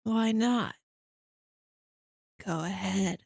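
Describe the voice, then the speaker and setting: Female streamer, casual and teasing; mid pitch, slow pace, faint music bed. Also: very animated, no room sound. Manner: teasing, giggly.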